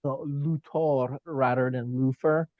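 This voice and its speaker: A man chatting as a guest on a podcast, hedging and pausing often with ums. He talks slowly, in a mid-pitched voice, close and dry. The sound is a bit dull and lo-fi. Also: no room sound. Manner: hesitant, full of hedges and filler ums. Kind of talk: casual podcast chat.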